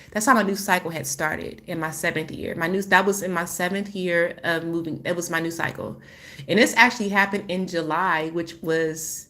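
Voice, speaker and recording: Emotional low-voiced woman telling her story. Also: fairly bright tone. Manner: emotional, halting retelling with many restarts and "like". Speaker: spiritual healing vlogger. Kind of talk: personal storytelling to camera.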